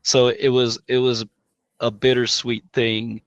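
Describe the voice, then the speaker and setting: Mid-voiced male panel guest, dry close recording, animated and self-interrupting. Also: mid-range voice, a little slow, clean tone, no room sound, lo-fi sound. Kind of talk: casual panel discussion.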